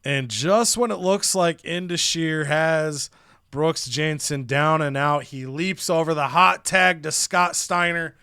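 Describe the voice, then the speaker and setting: Animated man narrating a wrestling game. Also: on the high side, takes it slowly, smooth, dry recording, clean studio sound. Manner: animated, acts out characters' lines. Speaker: gaming channel host.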